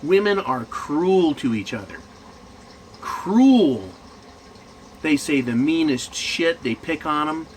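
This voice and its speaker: A man's voice: a little high, animated, a little slow, few pauses, slight background noise, rough recording. A man in management ranting crudely and mockingly in a profane monologue. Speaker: commentator.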